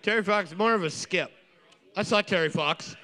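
A man co-hosting a trivia night with crude wisecracks and quick asides. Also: sits high, pushed and bright. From Canada. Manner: crude, wisecracking, does mock voices. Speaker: trivia co-host. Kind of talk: casual banter.

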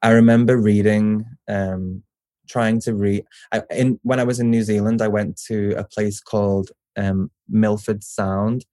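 A man's voice: fairly low pitch, a little slow, no room sound, clean studio sound. Rambling Scouse man. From Liverpool, England. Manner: rambling, self-interrupting, swears casually, lively. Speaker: poet, guest. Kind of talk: casual interview chat.

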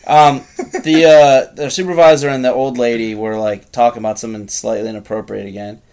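A man's voice: medium pitch, a little fast. A young man in casual chat, trading crude jokes and telling a story with a laugh. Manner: animated, laughing, crude banter.

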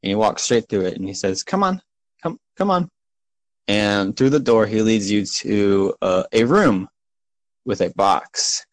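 A man narrating as game master of a tabletop game, relaxed and full of fillers. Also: lowish voice, unhurried, no room sound, rough recording.

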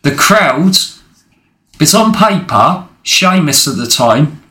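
A man with a slightly high, bright voice chats bluntly on a podcast and swears freely. The room behind him sounds echoey. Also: big pitch swings, slow. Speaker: podcast co-host. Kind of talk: casual chat.

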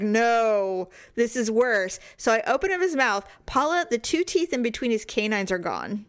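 A woman's voice: on the high side, lively intonation, moderate pace, hardly any pauses. A woman co-hosting a casual chat, telling stories animatedly and acting out quotes in exaggerated voices. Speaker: podcast co-host.

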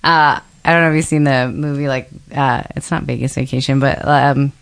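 A woman's voice: rumbling low, fairly even intonation, normal speed, creaky, clear, resonant tone. A woman telling a road-trip story in casual chat, full of fillers and asides. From Florida. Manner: chatty storyteller, lots of fillers.

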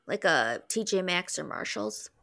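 A woman co-hosting a podcast in casual chat, quick to laugh and chiming in with short jokes and suggestions. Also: on the low side, lively intonation, gravelly, fairly bright tone. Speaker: podcast co-host.

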